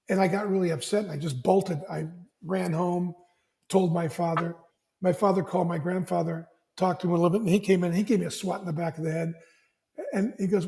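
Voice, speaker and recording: A man, an executive coach, talking as a podcast guest and telling stories with lively acted-out dialogue. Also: sits high, quick pace. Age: older. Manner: animated storyteller who acts out family dialogue, frequent restarts. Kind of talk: conversational interview storytelling.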